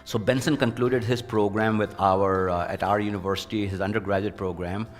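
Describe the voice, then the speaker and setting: A man with a fairly low voice tells an earnest, anecdotal story about his working life, his delivery turning animated when he quotes other people. His speech rings with a long reverb, and faint music plays underneath. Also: a little fast. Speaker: former university president, leadership speaker. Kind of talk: storytelling in an interview.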